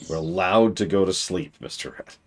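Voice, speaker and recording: A low-pitched man narrates his gameplay live, his voice leaping all over the place as he berates the little characters on screen. He jumps from sudden shouted demands to quiet grumbling under his breath. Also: vocal fry, breathy edge. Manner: exasperated, scolding the game's characters aloud; swings from loud outbursts to muttering. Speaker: streamer.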